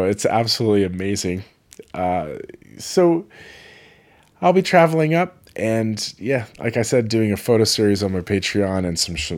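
A man's voice: fairly low pitch, a little mellow. A man from California casually vlogging, rambling and enthusiastic, jumping from thought to thought. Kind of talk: casual travel vlog.

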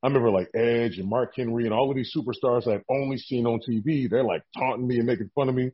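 A man telling a long story in a casual interview, animated and acting out what people said. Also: medium pitch, fast talker, husky, dull audio. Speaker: guest, former wrestler.

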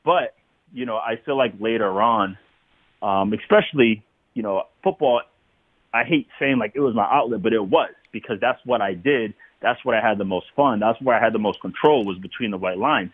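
A man, a former football player, talking as a guest in a casual interview, telling animated stories and laughing often. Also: fairly low pitch, normal speed, breathy edge, no room sound, phone-quality sound.

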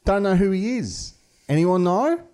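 An Irish man voicing a mock Australian police officer making a public appeal, in a put-on Australian accent and a high, sing-song voice. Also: sing-song, a little slow, a little mellow. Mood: mock-earnest.

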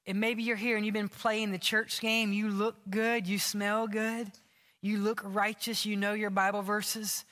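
A man preaching a sermon as pastor, impassioned and earnest, sometimes dropping his voice low for emphasis. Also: flat delivery, a little slow, pushed and bright. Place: large church sanctuary. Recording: long hall reverb.

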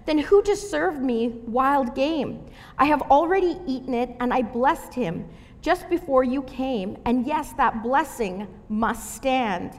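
A woman's voice: sits high, animated, takes it slowly, heavily acted. A woman voicing an old, partly blind father who speaks with solemn gravity in a scripture reading. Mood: dismayed. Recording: long hall reverb.

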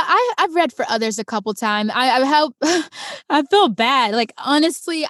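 A young adult woman chats easily as an interview guest, jumping into lively quoted voices while she tells her stories. Her voice sits fairly high and the recording is close and dry. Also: dry recording. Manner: animated storyteller, acts out quoted voices. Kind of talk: casual interview chat.

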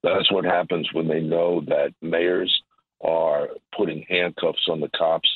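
A man's voice: sits low, fairly even intonation, unhurried, breathy edge, dry recording. A man giving emphatic, repetitive political commentary over a phone line. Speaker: guest commentator. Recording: tinny dry phone line.

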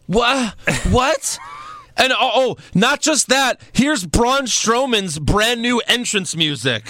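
Bright, lively guy in sarcastic chat. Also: very high voice, takes it slowly. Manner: sarcastic, laughs often. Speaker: podcast co-host. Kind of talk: casual chat.

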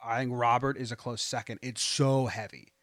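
A man's voice: medium pitch, fairly even intonation, moderate pace, fairly bright tone, no echo. Chatty man co-hosting a podcast. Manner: rambling, chatty, laughs often. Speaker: podcast co-host. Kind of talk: casual chat about a TV show.

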